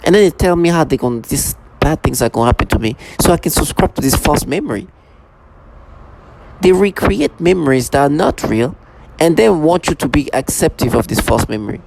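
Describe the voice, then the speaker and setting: A man talking to camera in a rambling personal monologue, halting often, restarting his sentences and leaning on repeated fillers. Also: fairly high pitch, expressive, vocal fry, darkish tone. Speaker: vlogger.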